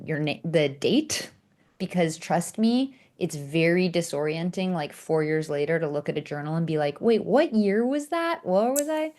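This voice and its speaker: Low-voiced woman telling sarcastic stories. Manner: animated, self-mocking, sarcastic asides; acts out quoted dialogue in character voices. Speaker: author and coach, podcast guest. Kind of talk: candid conversational storytelling.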